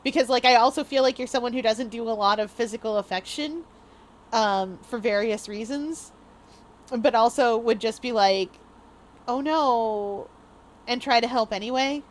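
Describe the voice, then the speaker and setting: A woman's voice: a little high, moderate pace. A woman streamer chatting casually with her viewers, bubbly and rambling, laughing often. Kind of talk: casual live-stream chat.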